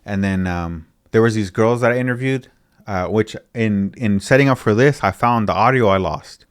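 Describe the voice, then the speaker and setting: A man's voice: on the low side, moderate pace, smooth. A young man hosting a podcast, telling stories in casual, slangy, profane talk. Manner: slangy, profane street storytelling. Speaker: podcast host. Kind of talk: casual storytelling chat.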